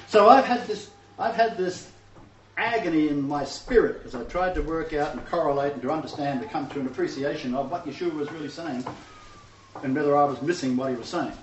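In a fairly quick, higher-pitched voice, a man gives an emphatic teaching sermon to a messianic congregation, often asking rhetorical questions. The recording sounds distant, roomy, and dull, with faint background noise.

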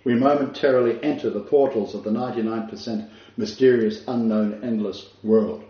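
A man giving a spiritual lecture as a rabbi to a small live group, halting, with frequent fillers and restarts. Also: mid-range voice, steady tone, dark tone. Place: room with a small audience. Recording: distant, roomy, dull room recording.

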